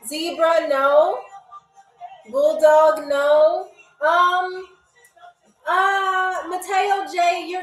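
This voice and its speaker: A woman's voice: high voice, far from the mic. A woman hosting a live-stream game show, chatty and teasing as she reads viewer comments aloud. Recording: roomy, off-mic, faint music behind. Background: faint background music.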